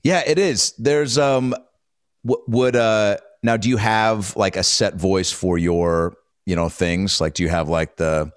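A man hosting a casual chat, playful and quick with jokes. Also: fairly low pitch, fairly even intonation, clean tone, dry recording, clean studio sound. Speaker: host.

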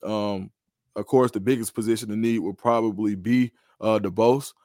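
A man's voice: fairly low pitch, normal speed, no echo, studio quality. A man, a guest analyst in a podcast interview, talks through football recruiting in a confident, analytical way. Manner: confident, analytical, animated storytelling.

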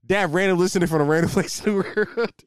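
A man's voice: sits high, quick pace, clear, resonant tone, no echo, clean studio sound. A young man hosting a casual solo podcast, telling profane, rambling, self-mocking stories while a bit drunk. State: tipsy from drinking. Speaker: podcast host. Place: home setup with a ring light, facing camera.

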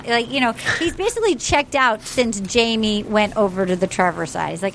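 High-voiced woman gushing through a recap. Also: moderate pace, few pauses, a little hiss or hum. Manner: animated gossipy recapping, acting out quotes in voices. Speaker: podcast host. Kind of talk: casual chat.

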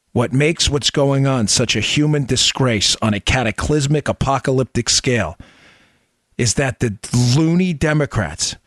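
A man's voice: medium pitch, no echo. A middle-aged man hosting a political podcast, delivering an impassioned, emphatic commentary monologue full of rhetorical questions, close on the mic. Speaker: podcast host.

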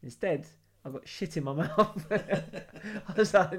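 A London man co-hosting a podcast, telling travel stories with slangy, animated energy. His voice sits a little high for a man. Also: a little slow, hardly any pauses. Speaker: podcast co-host. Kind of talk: casual chat.

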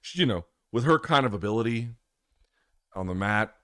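Hosting a live podcast chat, a man with a very deep, low voice rambles through his picks at a moderate pace, expressive and a bit bright. He keeps correcting himself and curses without hesitation, recorded close and dry with no echo.

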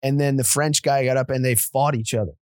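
A man's voice: mid-range voice, steady tone, a little fast, no echo, clean studio sound. Laughing male podcast host telling stories. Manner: rambling, laughs often. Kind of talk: casual podcast storytelling.

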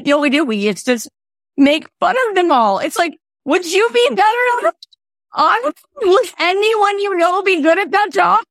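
A woman with a fairly high voice hosts a podcast and coaches two people on a call. She talks with emphatic, animated energy and scatters "like" and "right?" through her lines. The sound is dry and close. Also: dry recording. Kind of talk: coaching call, motivational talk.

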